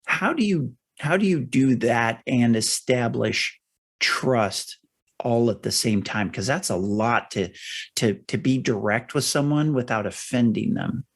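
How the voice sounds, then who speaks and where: A middle-aged man hosting an interview podcast, explaining ideas in a measured, thorough way. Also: medium pitch, vocal fry. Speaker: podcast host. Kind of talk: interview conversation.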